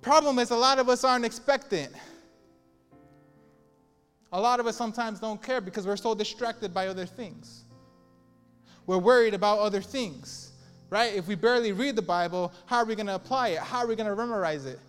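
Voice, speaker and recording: Male pastor, high, resonant voice, emphatic preaching in an echoey hall. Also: a little fast, long pauses, fairly bright tone, clear, resonant tone, soft background music. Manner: emphatic, repetitive preaching with rising intensity. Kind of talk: sermon.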